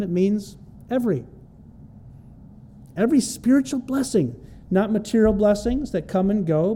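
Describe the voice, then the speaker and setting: A man delivers a sermon in a fairly high but very warm, mellow voice. He teaches in a plain, conversational way and drives points home by repeating key phrases. A faint hum sits behind him. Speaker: preacher. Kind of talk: expository sermon on a Bible passage.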